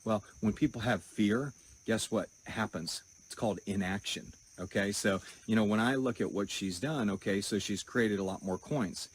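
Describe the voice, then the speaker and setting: A man with a low voice talks straight to his audience as host of his own channel. He explains in a loose, chatty way, full of asides and "okay"s, with a faint chirp of crickets and insects in the background. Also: moderate pace, a little hiss or hum, rough recording. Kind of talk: casual to-camera monologue.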